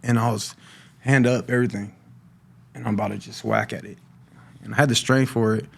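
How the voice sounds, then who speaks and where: A middle-aged man giving a personal testimony on a podcast, talking in a halting way with many restarts and repeated words. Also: on the low side, steady tone, creaky, husky. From California. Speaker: podcast guest sharing recovery story. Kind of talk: personal testimony, casual talk.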